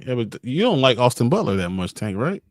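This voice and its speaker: A man's voice: medium pitch, sing-song, quick pace, no echo. A man hosts a casual show chat, easygoing and steering the talk along. His voice sits in the middle range. The sound is dry and close. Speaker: host.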